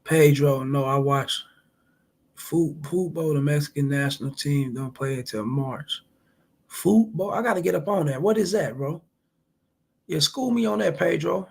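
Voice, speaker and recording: A man's voice: fairly high pitch, measured pace, vocal fry, darkish tone, slightly rough. A man hosting a casual livestream, answering viewers in loose, profane slang and talking straight to his chat.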